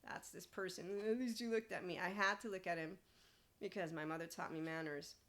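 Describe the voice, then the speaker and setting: A woman's voice: fairly low pitch, fairly even intonation, brisk, a bit bright. A woman hosting a spiritual self-help podcast, talking in a blunt, opinionated monologue and swearing freely. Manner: reads an AI answer aloud and responds to it. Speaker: podcast host.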